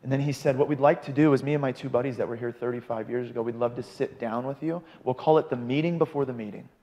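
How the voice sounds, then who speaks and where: A man from Arizona, a podcast guest in recovery, tells his story in a casual chat, speaking quickly in a mid-range voice that sounds like it's in a big room. He's animated and acts out the people he quotes in their own voices.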